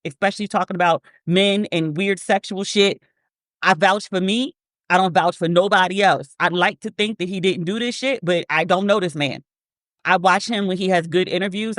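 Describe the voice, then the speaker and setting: A podcast host who talks bluntly and profanely, not hiding how petty the take is. The voice sits at an ordinary middle pitch. The sound is dry and close, with no room around it. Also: a bit bright, no echo. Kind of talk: casual commentary podcast.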